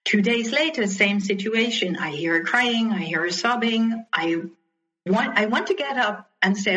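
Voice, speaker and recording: A woman's voice: a little high, lively intonation, measured pace, sharp tone. A woman in her fifties, a guest in an interview, telling her personal story earnestly and reflectively, with frequent ums and restarts. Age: 50s. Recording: dull lo-fi sound.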